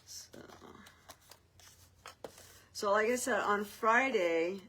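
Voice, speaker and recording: An older woman hosting a crafting video, chatting casually and rambling as she works, with soft laughs. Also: medium pitch, extremely slow, slight background noise. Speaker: crafting channel host.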